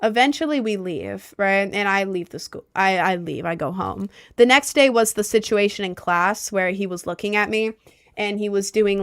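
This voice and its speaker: A woman's voice: medium pitch, normal speed, smooth, dry recording, studio quality. A woman in her twenties telling a personal story in a casual, rambling way with lots of filler words.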